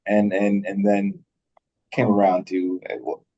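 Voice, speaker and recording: A man's voice: lowish voice, completely flat delivery, measured pace, warm tone, dull audio. Laid-back male podcast co-host. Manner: laughs often, swears casually. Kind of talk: casual chat.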